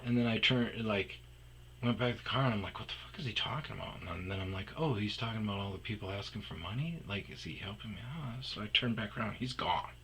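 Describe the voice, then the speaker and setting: A man's voice: fairly low pitch, quick pace, sharp tone, a little hiss or hum. A man hosting his own vlog, telling a rambling, profane story in a casual monologue. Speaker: vlog host telling stories.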